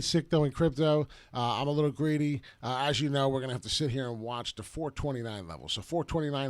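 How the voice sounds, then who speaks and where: A man hosting a live crypto chart breakdown, rambling and excitable, full of filler uhs, greeting viewers by name as he works. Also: medium pitch, no echo. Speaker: crypto chart analysis livestream host.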